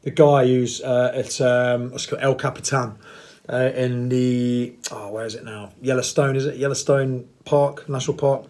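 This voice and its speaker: A man's voice: medium pitch, little pitch movement, normal speed, a little mellow. A middle-aged man talking casually to camera, blunt and rambling and sometimes mocking himself. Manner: rambling, blunt and self-mocking, with playful put-on voices. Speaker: vlogger.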